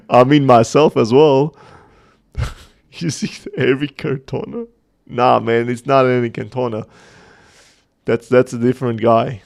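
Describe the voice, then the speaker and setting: Gravelly-voiced man chatting on a livestream. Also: mid-range voice, fairly even intonation, slow pace, pauses often, darkish tone. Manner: chatty, joking, reading chat aloud. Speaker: host of a community livestream. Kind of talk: casual livestream chat.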